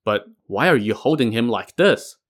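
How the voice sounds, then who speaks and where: A man's voice: mid-range voice, expressive, moderate pace, a bit bright. A man voicing a stern commander who speaks formally and gives orders.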